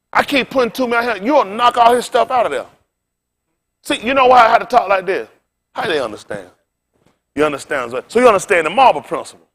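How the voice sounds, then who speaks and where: A man's voice: high voice, a bit bright. A male pastor preaching an informal sermon, folksy and colloquial, telling stories and quizzing the congregation.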